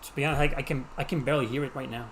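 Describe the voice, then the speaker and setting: A Mexican man with a Mexican accent streams a game live, his mid-range voice fairly even, very fast and a bit bright, with slight background noise. He chats casually and jokingly, teasing the characters on screen.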